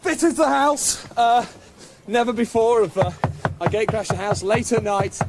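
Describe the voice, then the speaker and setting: A man presenting a live TV outside broadcast, joking and shouting over a party crowd. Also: extremely high pitch, normal speed. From England. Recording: noisy crowded house party.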